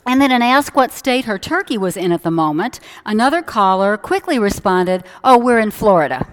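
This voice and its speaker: A woman's voice: mid-range voice, lively intonation, normal speed. An older woman pastor giving a casual, joking sermon to her congregation in a church sanctuary. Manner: chatty, joking asides to the congregation.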